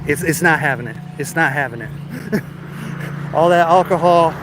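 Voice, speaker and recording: A man with a slightly high voice rambles through a story as he walks, stammering over his words and often breaking into laughs. It is recorded on a phone outdoors, with clear street traffic behind him. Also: a little slow. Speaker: vlogger. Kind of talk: rambling storytelling while walking. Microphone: phone held while walking. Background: street traffic noise.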